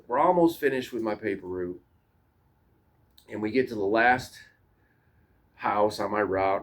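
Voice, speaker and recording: A man casually telling childhood stories in a rambling, profane way, often repeating and restarting his words. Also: fairly low pitch. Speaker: storyteller. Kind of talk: casual storytelling to camera.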